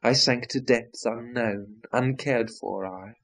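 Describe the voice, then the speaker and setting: A man reciting nonsense verse theatrically, swinging between loud declamation and low murmurs. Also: slow.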